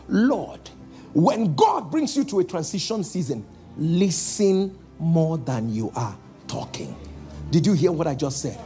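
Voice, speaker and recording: A man preaching a sermon as pastor, calling out to the congregation and slowing down for emphatic lines. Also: on the high side, sing-song, faint music behind. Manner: calls out to the congregation, shifting between loud exhortation and slow emphatic lines.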